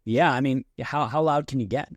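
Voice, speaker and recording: A man hosting a podcast in a relaxed, chatty way, speaking into a desk microphone. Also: medium pitch, fairly quick, no room sound. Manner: relaxed, chatty, with restarts and small laughs. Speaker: podcast host. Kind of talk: casual podcast talk. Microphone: desk mic.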